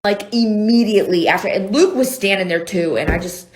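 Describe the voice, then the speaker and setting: A woman's voice: mid-range voice, a little fast, a little mellow. A woman telling a self-deprecating story to camera as a lifestyle vlogger. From North Carolina, US. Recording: echoey room.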